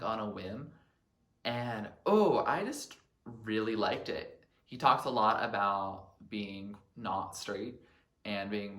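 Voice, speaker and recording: A man's voice: fairly low pitch, a bit bright, reverberant. A man vlogging casually about his favorite albums, chatty and full of filler words. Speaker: music vlogger.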